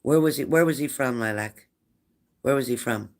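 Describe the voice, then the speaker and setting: A man's voice: medium pitch, normal speed. A man hosting a live-stream spirit reading as a medium, who asks viewers the same probing questions again and again. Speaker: psychic medium.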